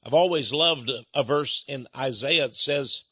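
A man's voice: mid-range voice, normal speed, pushed and bright, slightly rough, no room sound, dull audio. A man preaching a televangelist sermon in a folksy, emphatic way, repeating his key lines and appealing for donations.

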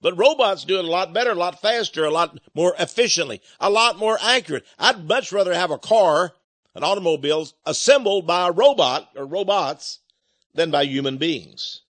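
A man's voice: high voice, expressive, moderate pace, fairly bright tone, no room sound. A man talking to his listeners in an emphatic, rambling monologue, now and then acting out other voices. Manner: emphatic, rambling, acts out robot and caller voices.

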